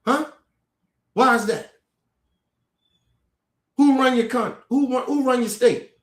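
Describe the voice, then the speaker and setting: Very high-voiced man ranting heatedly. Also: slow. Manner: heated, confrontational, repeats words and stumbles. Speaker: commentator. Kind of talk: angry profane rant to camera. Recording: echoey room.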